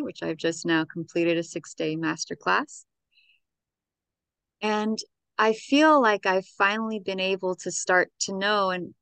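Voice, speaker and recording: A woman's voice: fairly low pitch, fairly bright tone, clean tone, no echo. A woman host talking to camera about her own healing, earnest and heartfelt, close to tears at times. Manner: earnest, heartfelt, building to passionate. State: choked up. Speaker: astrology channel host. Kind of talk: emotional personal talk to camera.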